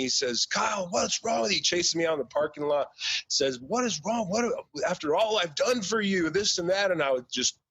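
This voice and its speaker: A man and former football player telling a story on a podcast in a casual, animated way, cursing and laughing now and then. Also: medium pitch, no room sound. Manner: animated, profane, laughs while recounting. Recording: dull lo-fi podcast audio.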